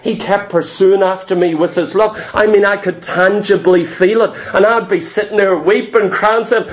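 A man's voice: high voice, fairly even intonation, moderate pace, hardly any pauses. A man preaching a fervent, confessional testimony in a sermon, repeating key phrases for emphasis.

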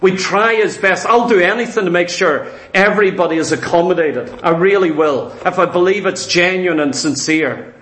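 A man's voice: sits high, moderate pace, a bit bright, echoey room. A man preaching a sermon, speaking earnestly and with emphasis to his congregation.

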